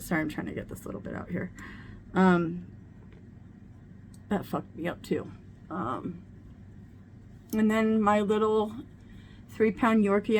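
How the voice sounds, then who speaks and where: A woman's voice: lowish voice, a little mellow, slight background noise. A middle-aged woman vlogging casually at home while doing her makeup, talking candidly and swearing freely. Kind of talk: casual get-ready-with-me chat.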